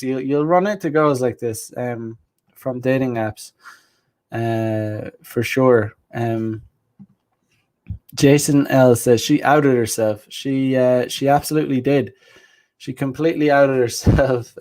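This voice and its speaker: A man at a medium pitch hosting a casual livestream, reacting to viewer comments. He talks bluntly and rambles, throws in crude slang, and often breaks off to restart a thought. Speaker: host.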